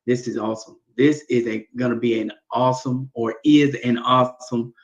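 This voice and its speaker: A man's voice: medium pitch, fairly even intonation, normal speed. A man hosting a book talk show, thanking guests enthusiastically with many fillers. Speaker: host. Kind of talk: casual chat. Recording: dull lo-fi audio.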